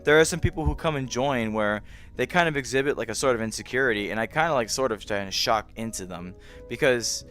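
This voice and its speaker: A young man chats casually and fast on a live stream, his voice a bit bright with faint music behind. He's friendly and playful, greeting viewers by name and meowing in a high squeak.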